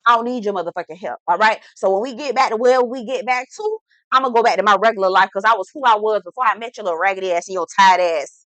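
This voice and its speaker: A woman's voice: mid-range voice, quick pace, fairly bright tone, no room sound, close to an everyday voice. A woman voicing a fed-up young sailor man who rants in cursing street slang. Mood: mocking.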